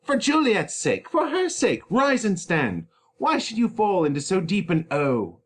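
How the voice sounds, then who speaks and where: A man's voice: high voice, huge pitch swings, unhurried, voice pushed up, heavily acted. A man voicing a fussy old woman nurse in a reading of a stage play, with a wailing, pleading manner. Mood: lamenting.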